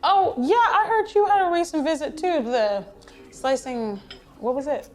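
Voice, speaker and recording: A woman's voice: high-pitched, a little slow, a little mellow, faint music behind. A woman playing an older male hospital patient who rambles chattily, with laughing asides, in a stage play monologue. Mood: rambling.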